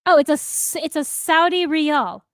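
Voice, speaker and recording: A woman co-hosting a podcast in casual chat, teasing and quick to laugh. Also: high-pitched, lively intonation, no echo, clean studio sound. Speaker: podcast co-host.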